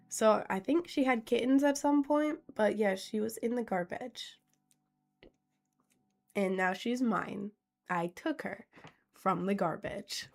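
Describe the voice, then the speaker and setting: A woman's voice: fairly high pitch, a little mellow. A young woman streamer in casual live-stream chat. She giggles often, reads viewers' questions aloud, and answers them playfully.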